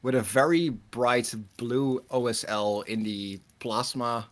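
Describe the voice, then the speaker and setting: A man's voice: mid-range voice, slow pace. A man guest in a casual chat, enthusiastic and self-mocking.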